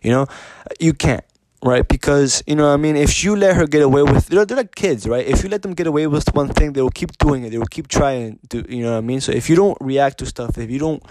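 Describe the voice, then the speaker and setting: A man's voice: on the high side, a little fast, a little mellow, no echo. A man hosting his own advice show, talking off the cuff in a blunt, profane, repetitive way. He often restarts his sentences and keeps asking "you know what I mean.". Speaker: podcast host giving dating advice. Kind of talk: casual unscripted monologue.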